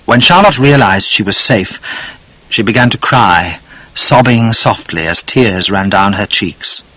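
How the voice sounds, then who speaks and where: Male narrator, husky voice, animated dramatic reading, dry booth sound. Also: lowish voice, unhurried, no echo, rough recording. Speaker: audiobook narrator. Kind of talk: expressive audiobook narration.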